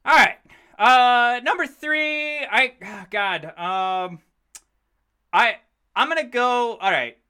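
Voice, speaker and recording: Bright, rambling excitable podcast guy. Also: extremely high pitch, slow, smooth. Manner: excited, rambling, swears freely. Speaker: podcast co-host. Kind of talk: casual chat.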